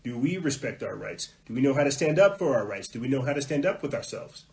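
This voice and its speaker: A man hosting a political podcast, ranting heatedly, muttering asides then hitting words loudly, with some swearing. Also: medium pitch, lively intonation, fast talker, gravelly, low-quality recording. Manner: heated, ranting, swings between muttering and loud emphasis; profane at peaks. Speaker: podcast host.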